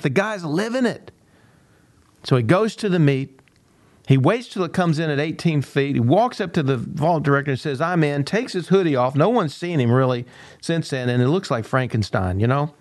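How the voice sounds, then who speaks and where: An older man who coaches and teaches at a university gives a motivational talk, storytelling animatedly, acting out quoted dialogue and occasionally repeating words. His voice is on the high side, with no echo.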